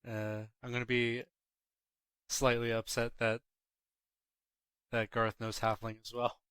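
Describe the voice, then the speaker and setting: A man's voice: mid-range voice, monotone, takes it slowly, fairly bright tone, clean tone, no room sound. A man playing in a tabletop game, speaking hesitantly and thinking aloud. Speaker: player.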